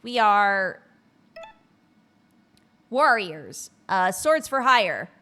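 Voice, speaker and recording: A woman's voice: medium pitch, very animated, very slow, pushed and bright, exaggerated voice. A woman doing a grumpy sarcastic knight. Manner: dry, grumbling.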